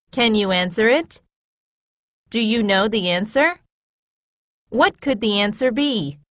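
A woman with a fairly high, very expressive voice reads classroom English phrases one by one in a clear, measured, teacher-like manner. She takes her time over each line. The studio sound is close and dry. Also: dry recording. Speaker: narrator reading phrases.

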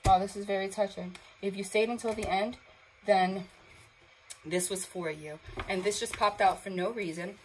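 A woman's voice: medium pitch, steady tone, moderate pace, slight background noise, low-quality recording. A young woman giving a tarot card reading, emotional and awed, reading card texts aloud, with water sounds from a sound machine in the background. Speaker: tarot reader.

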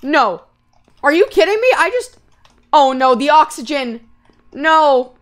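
Jumpy girl gamer with a high voice, chattering and yelping into a close mic. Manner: excitable, jumps from scared yelps to quick chatter. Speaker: gaming video host. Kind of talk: let's-play commentary.

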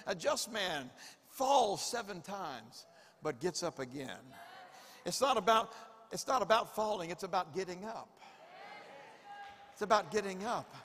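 A man's voice: high voice, expressive, normal speed, fairly bright tone, slight background noise. A male pastor preaching a sermon, repeating phrases with emphasis and calling on the congregation to answer back. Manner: repetitive, emphatic preaching with call-and-response. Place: church sanctuary. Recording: long reverb of a church hall.

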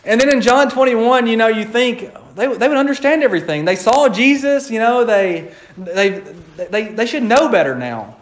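A man's voice: very high-pitched, lively intonation, normal speed. A man preaching a conversational sermon in a church, playful and laughing often as he acts out quotes.

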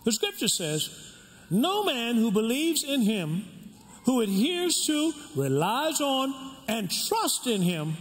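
An older man, a pastor, preaching a sermon with call and response and shouting out to the crowd. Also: sing-song, slow. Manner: swings from shouts to low storytelling asides. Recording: reverberant hall, faint room noise.

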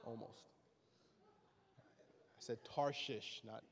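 A pastor preaching a sermon, shouting with emphatic repetition. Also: male voice, medium pitch, steady tone, drawn-out words, creaky. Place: large hall. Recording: reverberant hall.

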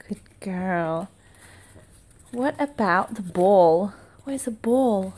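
Woman, mother at home with a toddler, very slow sing-song quizzing, mellow and a bit high. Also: lively intonation. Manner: slow sing-song questions, praise and animal noises. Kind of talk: quizzing a toddler with flash cards.

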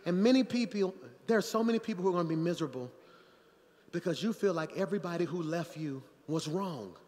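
High-voiced preaching man, hall reverb. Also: quick pace. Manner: animated preaching with crowd call-outs and jokes. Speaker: pastor. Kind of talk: sermon. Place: church sanctuary. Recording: long church hall reverb.

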